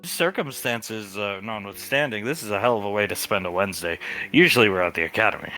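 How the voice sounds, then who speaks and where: A man's voice: lowish voice, a little fast, sharp tone, soft background music. A man playing a tabletop role-play game on a live stream, narrating actions and speaking lines in character.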